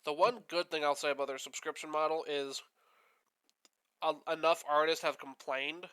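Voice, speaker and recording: A man's voice: a little high, fairly even intonation, moderate pace, fairly bright tone, clear, resonant tone. A man hosting a stream, chatting in a rambling, easygoing way while he paints. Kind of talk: casual chat while painting. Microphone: streaming setup.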